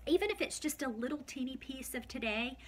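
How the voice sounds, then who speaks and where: A woman in her forties opens up in a personal vlog, her voice sitting a little high. She talks in a heartfelt, tearful way, with plenty of fillers and restarts. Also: animated, brisk, slight background noise. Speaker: vlogger.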